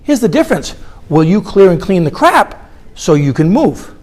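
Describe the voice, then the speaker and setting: Lively man leading a seminar. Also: high-pitched, normal speed. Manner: animated, engages audience with questions. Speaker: motivational speaker. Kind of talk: live seminar talk with guided meditation. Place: conference hall.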